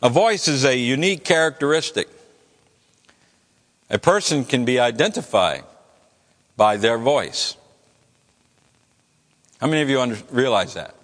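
A man delivers an evening sermon, earnest and steady, often doubling back on a word before pressing his point. His voice sits at an ordinary pitch and trails off into the lingering echo of a large church. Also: a little slow, long pauses. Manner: earnest, repeats words while building a point. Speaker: preacher.

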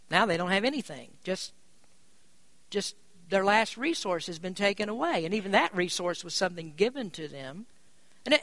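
A preacher giving a sermon, stressing key points by rising in pitch and volume and slowing down on important words. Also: fairly bright tone, no room sound. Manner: slows down to drive words home.

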